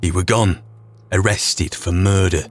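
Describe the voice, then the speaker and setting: A man's voice: low voice, fairly even intonation, unhurried. A man narrating a recap in a plain, matter-of-fact way.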